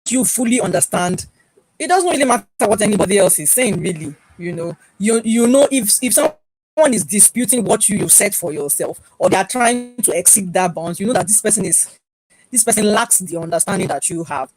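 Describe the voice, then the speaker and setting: A woman's voice: medium pitch, animated, a little fast, darkish tone, low-quality recording. A woman talking reflectively, posing rhetorical questions to the listener. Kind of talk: talk.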